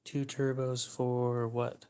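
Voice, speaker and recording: A man's voice: mid-range voice, monotone, slow pace, mellow, smooth. A young man hosting a livestream, giving dry, teasing replies to chat in casual talk. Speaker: livestream host.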